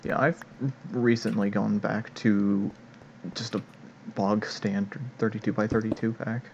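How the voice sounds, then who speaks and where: A nineteen-year-old man chats over a game in a relaxed, halting way. His voice is low and full of fry, and the lo-fi mic muffles it. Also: background noise. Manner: laid-back, hesitant, laughs. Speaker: gameplay video co-player. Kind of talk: casual gameplay chat. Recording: dull lo-fi mic.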